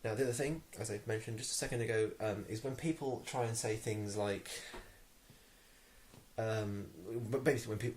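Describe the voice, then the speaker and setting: Ranting into the camera, this young man from England sounds annoyed and wanders, restarting sentences and saying um often. His voice is fairly low and creaky, with a faint hiss or hum behind it.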